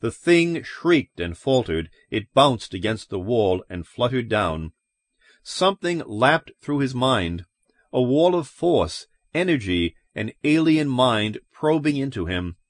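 A man reading a suspenseful story aloud as audiobook narrator, in a grave, even storytelling manner. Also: mid-range voice, slow, no echo, studio quality. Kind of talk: scripted narration.

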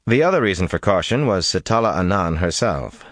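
A man with a very low voice reads a novel aloud at a steady, measured pace. He is recorded close in a dry booth with no room sound. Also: no room sound. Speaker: audiobook narrator. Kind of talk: scripted narration.

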